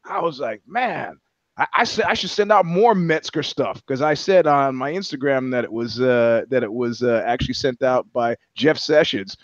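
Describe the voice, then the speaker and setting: A man's voice: medium pitch, animated, normal speed, dry recording, dull audio. A man co-hosting a podcast in casual chat, rambling and sardonic, with plenty of profanity. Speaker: podcast co-host.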